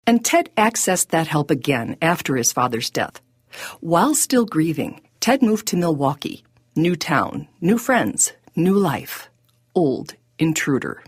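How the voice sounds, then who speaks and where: A woman hosting a podcast, reading scripted narration in a measured, reflective way. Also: low voice, sing-song, husky, no echo, studio quality. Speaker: podcast host.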